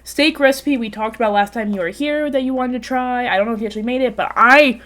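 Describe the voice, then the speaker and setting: Animated young woman telling a story. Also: on the high side, quick pace. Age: 20s. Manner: animated, swears freely, bursts into laughter. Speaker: podcast host. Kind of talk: casual storytelling chat. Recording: remote call, co-host audio cutting out.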